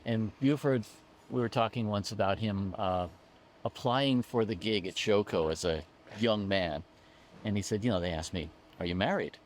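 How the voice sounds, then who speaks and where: Low-voiced male podcast interviewer. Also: a little hiss or hum. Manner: relaxed, recounts anecdotes, quick back-channel replies. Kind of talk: conversational interview.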